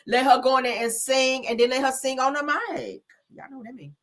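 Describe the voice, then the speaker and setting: A woman's voice: sits high, steady tone, fairly quick, fairly bright tone. A woman hosting a casual gossip commentary channel, talking in a sassy, profane, teasing way to her viewers.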